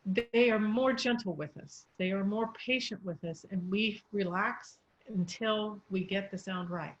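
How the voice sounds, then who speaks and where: A woman's voice: medium pitch, measured pace, muffled recording. A woman speech coach explaining English pronunciation in an encouraging, patient way. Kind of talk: coaching session.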